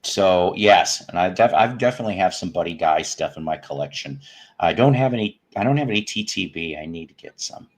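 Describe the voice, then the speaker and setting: A low-pitched man in his fifties talks casually on a home live stream, his voice swinging widely up and down as he greets viewers. He jokes constantly, tossing off puns and salty asides. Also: animated, brisk. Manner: joking, punning, profane asides. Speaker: host of a live music stream. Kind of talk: casual live-stream chat reading comments.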